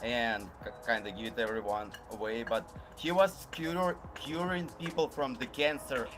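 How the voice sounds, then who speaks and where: A man in a casual chat, speaking in excited, broken phrases. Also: mid-range voice, moderate pace, music in the background.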